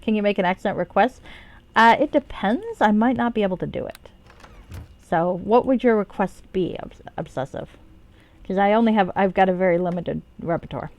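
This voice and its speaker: A woman's voice: medium pitch, lively intonation, normal speed, a little mellow. A woman streaming a game, chatting casually and rambling, swearing freely and joking about herself. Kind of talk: casual live-stream commentary.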